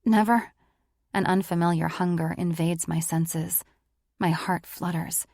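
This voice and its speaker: A woman's voice: lowish voice, level tone, a little slow, vocal fry, darkish tone, no echo, clean studio sound. A woman narrating a romance audiobook in the first person, with an intimate, emotive reading.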